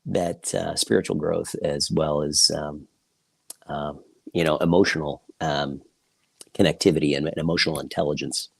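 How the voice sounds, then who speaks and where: A man, an author and journalist, talking reflectively in an interview, pausing often with fillers. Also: extremely low pitch, steady tone, creaky, slightly rough, no echo. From Kansas City, United States. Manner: reflective, halting with many fillers. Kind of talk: interview conversation.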